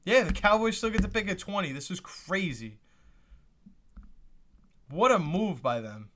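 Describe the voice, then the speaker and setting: A young man hosts a live reaction stream, full of exclamations and repeated lines. His voice sits high for a man and has a bright, forward edge. He keeps turning to talk to his chat. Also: lively intonation, a little slow, slight background noise. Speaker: livestream host reacting to the draft.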